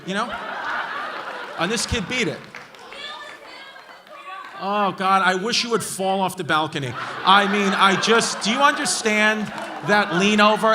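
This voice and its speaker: A man doing loud, profane stand-up crowd work, roasting hecklers on a comedy club stage. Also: high voice. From Brooklyn, New York. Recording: live club audience noise. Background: laughing club audience.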